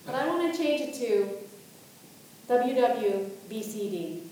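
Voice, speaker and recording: Woman pastor, sermon, mellow slightly high voice, reflective questions, echoey hall. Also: animated, takes it slowly. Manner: asks many reflective questions, reads scripture aloud. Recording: echoey room, voice from a distance.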